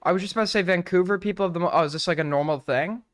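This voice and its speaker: High, crisp-voiced male streamer, dry sound. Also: racing, fairly bright tone, dry recording. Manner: crude, rambling, irreverent. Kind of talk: casual live-stream commentary.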